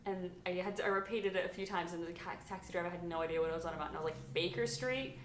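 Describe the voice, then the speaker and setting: Australian woman, lowish voice, chatty and laughing, recorded in an echoey room. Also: flat delivery, very fast, slight background noise. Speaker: office worker sharing opinions. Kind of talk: casual chat to camera. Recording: roomy echo.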